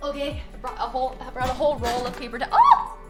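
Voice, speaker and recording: A young woman streams from her desk with a slightly high voice, chatting casually and swearing freely. She giggles often as she talks to her chat. Soft music plays faintly behind her. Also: fairly even intonation, racing.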